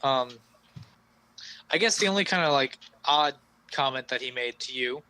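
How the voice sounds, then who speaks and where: A man's voice: medium pitch, moderate pace, pushed and bright, clean tone, no echo, low-quality recording. A young man narrating a tabletop game as game master, rambling with fillers and restarts.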